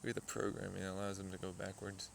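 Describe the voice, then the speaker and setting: A man's voice: low-pitched, monotone, fast, vocal fry, slight background noise. A man rambling profanely to himself, talking back to imagined voices in a casual vlog. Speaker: vlogger.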